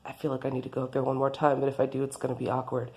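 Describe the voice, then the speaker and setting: A sheepish young man, fumbling and apologetic, as a woman quotes him in a story. The voice stays low and mellow, close to everyday talk. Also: completely flat delivery, very fast. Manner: hesitant, apologetic.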